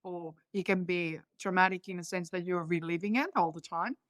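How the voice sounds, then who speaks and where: A woman's voice: lowish voice, fairly even intonation, a little fast, dry recording, studio quality. A woman in her fifties from Croatia, with a Croatian accent and slightly broken English, telling rambling family stories as a podcast guest. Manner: rambling storytelling with non-native grammar slips. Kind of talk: casual conversation.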